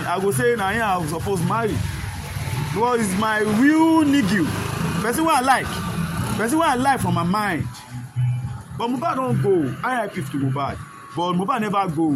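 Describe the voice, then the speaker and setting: Nigerian guy ranting emotional on the street, high voice, loud music behind him. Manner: emotional, pleading, repetitive. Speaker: street speaker. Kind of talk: impassioned street talk.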